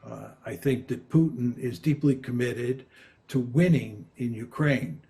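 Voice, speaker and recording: An older man answering interview questions in a measured, emphatic, lecturing way. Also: mid-range voice, gravelly, dark tone. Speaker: interviewee, political scientist.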